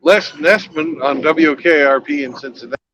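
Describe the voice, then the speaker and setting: A man's voice: on the high side, moderate pace, a bit bright, poor audio. A man hosting a casual talk show, joking with callers and telling a long joke. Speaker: host.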